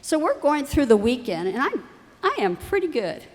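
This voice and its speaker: A middle-aged woman, a university president's wife, telling lively family stories to an audience and acting out the voices of the people in them. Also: high-pitched, moderate pace. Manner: animated, acts out quoted voices. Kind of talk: storytelling talk to an audience. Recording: reverberant hall.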